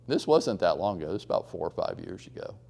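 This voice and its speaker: A man giving a blunt, animated real estate training talk to a live room, acting out quotes as he tells stories. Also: low voice, fast, vocal fry.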